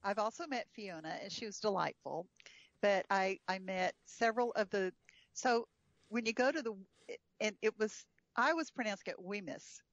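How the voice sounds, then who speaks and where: A woman's voice: medium pitch, normal speed, no echo, dull audio. A woman guest telling a travel story in casual chat, chatty with frequent fillers and laughs. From United States.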